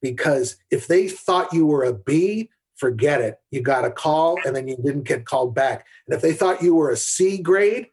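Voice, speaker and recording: A middle-aged man recounting behind-the-scenes stories in a relaxed, conversational way. His voice is husky and sits a bit high for a man. He often stumbles and restarts his sentences. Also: moderate pace, hardly any pauses. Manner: candid anecdotal storyteller with frequent restarts. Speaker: podcast guest, camera assistant. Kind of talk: conversational storytelling.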